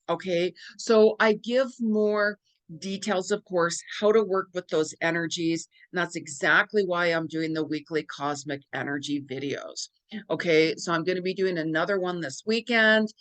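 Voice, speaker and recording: A chatty woman psychic talks straight to camera in a casual vlog. She repeats words for emphasis, throws rhetorical questions at her viewers and laughs easily between remarks. Her voice sits at an ordinary middle pitch. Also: a bit bright. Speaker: psychic medium and astrology vlogger.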